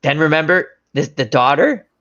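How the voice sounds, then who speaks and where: A man hosting a casual chat show, talking about movies with animated retellings. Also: a little high, normal speed, muffled recording. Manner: animated, acts out movie scenes in voices. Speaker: show host.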